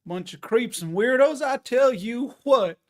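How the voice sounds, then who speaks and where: A man putting on a Southern US accent, playing a gruff, mock-annoyed man who has been interrupted while reading. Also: very high voice, lively intonation, a little slow, pitched above the performer's own voice. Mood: grumpy. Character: grumpy middle-aged Southern man reading.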